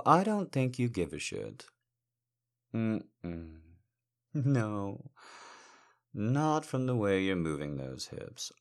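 A man playing a slow, teasing seducer. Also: full character voice. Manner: slow, low, murmured and teasing. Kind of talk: intimate audio role-play.

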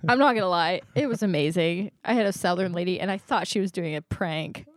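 A woman co-hosting a casual podcast, telling stories with lively acted-out quotes. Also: fairly low pitch, a little fast, no echo. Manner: animated storytelling, acting out quotes. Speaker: podcast co-host. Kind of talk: casual chat.

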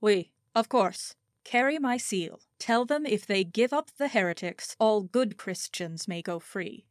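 A stern, shrewd crusader lord gives orders briskly, as a woman narrator puts him on. The delivery is slow and measured. The sound is dry and close. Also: mid-range voice, animated, no echo, lightly acted. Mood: commanding.

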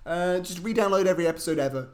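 A young man co-hosting a film podcast, delivering jokey mock-preachy rants with deadpan asides. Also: high-pitched, rapid-fire. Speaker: podcast co-host. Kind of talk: casual film podcast chat.

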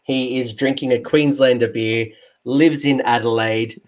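An Australian man hosts a laid-back podcast chat in his role as a tabletop game coach, joking around and sounding excitable. His voice is mid-range and his pace measured.

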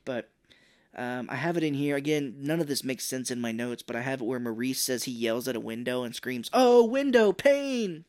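A man's voice: fairly even intonation, a little fast. Man retelling a movie, mimicking lines. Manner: acts out movie lines in high, mocking voices. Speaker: podcast co-host. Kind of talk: casual movie recap chat.

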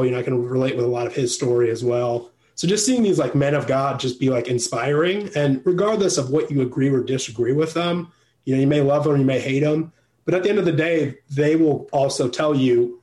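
A man's voice: mid-range voice, a little mellow. Rambling young man, easy casual talk. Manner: rambling, filler-heavy, laughs often. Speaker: guest. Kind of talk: casual interview chat.

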